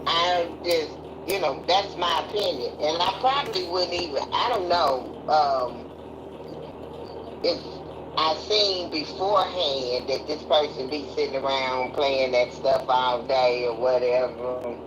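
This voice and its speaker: A man chatting casually, halting and hesitant as he talks. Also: on the high side, noisy background. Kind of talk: casual chat.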